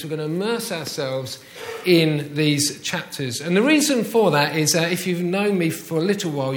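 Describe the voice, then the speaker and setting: A man with a fairly high voice delivers a sermon from the front of a church. He keeps it conversational, tossing rhetorical questions at the congregation. The sound is roomy, with the reverberation of the church hall around his voice. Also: a bit bright. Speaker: pastor.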